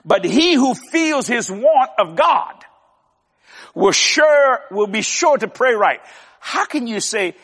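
A man's voice: very high-pitched, very animated, measured pace, fairly bright tone, breathy edge. An older man preaching a sermon, folksy and emphatic, joking with his congregation. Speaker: televangelist preacher. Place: large church hall. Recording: long hall reverb.

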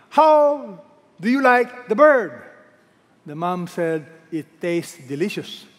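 A man's voice: on the high side, in a large hall. A man preaching a sermon as a pastor, emphatic and repeating key words, asking the congregation questions.

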